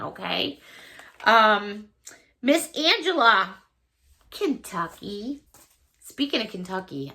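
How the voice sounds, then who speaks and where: A woman's voice: mid-range voice, vocal fry, bright, forceful tone. A middle-aged woman chatting casually to camera as a YouTuber opening fan mail, effusive and full of thanks and exclamations.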